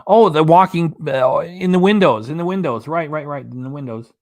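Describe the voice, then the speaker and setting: A man with a fairly high voice talks at a moderate pace while hosting a casual livestream from his small apartment. He's chatty, reading viewer comments aloud and chuckling often between them.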